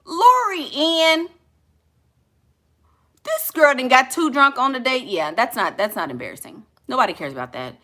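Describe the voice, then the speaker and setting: Brief: bright-voiced woman vlogger, blunt and sassy, casual chat to viewers. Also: fairly high pitch, lively intonation, fairly quick, few pauses. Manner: blunt and sassy, slangy asides. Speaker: vlogger answering viewer questions.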